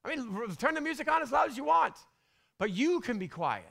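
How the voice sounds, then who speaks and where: This middle-aged man preaches briskly, his high, bright voice edged with vocal fry. As a pastor delivering a sermon, he stays animated, falling to whispers one moment and surging to loud bursts the next.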